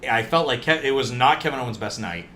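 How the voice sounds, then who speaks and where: A man's voice: medium pitch, animated, fast, bright, forceful tone, slight background noise. A man co-hosting a podcast, chatting casually and jokingly about a wrestling show, laughing often. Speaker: podcast co-host. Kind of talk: casual wrestling review chat.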